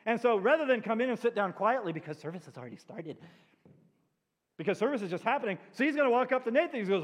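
Male pastor, from New England, lively storytelling sermon, slightly high voice, long church reverb. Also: fast. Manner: storytelling with animated asides. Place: church sanctuary.

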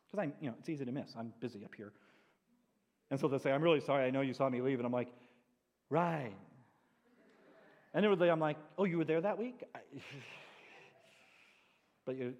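A man preaching as a pastor, telling stories with animated asides in a church sanctuary. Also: a little high. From New England. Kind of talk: sermon. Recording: long church hall reverb.

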